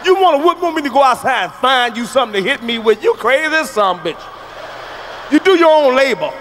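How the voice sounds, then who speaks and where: A middle-aged man from the United States doing a loud, profane stand-up comedy routine on stage, telling punchy stories. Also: extremely high pitch, big pitch swings, fast, a little hiss or hum. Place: stage before a live audience.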